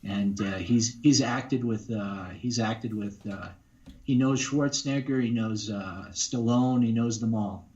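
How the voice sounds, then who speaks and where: A man's voice: on the low side, measured pace, a little mellow, dull audio. A man, a voice actor, talking casually in an interview, rambling with many fillers and restarts. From Canada. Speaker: guest voice actor.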